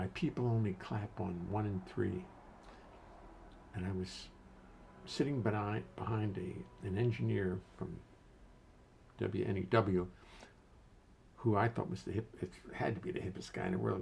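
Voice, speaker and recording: A man's voice: fairly low pitch, gravelly, mellow, slight background noise. An older man casually hosting a livestream from his home studio, greeting viewers by name and muttering to himself as he adjusts settings.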